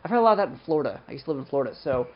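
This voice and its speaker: Fast-talking chatty man on a podcast. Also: medium pitch, very animated, highs cut off. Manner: chatty, jokey, laughs often. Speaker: podcast co-host. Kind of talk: casual chat.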